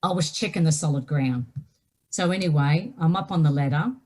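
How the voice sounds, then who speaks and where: A woman's voice: deep voice, moderate pace, a little mellow. An Australian woman, a guest author, telling a personal story emphatically and often checking in with "right?". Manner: emphatic, keeps asking "right?".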